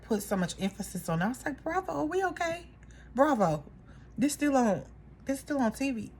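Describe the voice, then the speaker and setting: In a mid-range voice, a woman gossips animatedly and casually about a reality show, recapping it and acting out what the cast members said.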